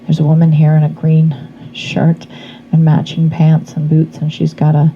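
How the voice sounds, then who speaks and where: Slightly hoarse lady reading tarot cards, low voice, slow rambly chat, a bit muffled. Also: completely flat delivery, mellow, a little hiss or hum. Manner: meandering, chatty, trails off with fillers. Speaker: tarot reader. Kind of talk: casual tarot reading vlog.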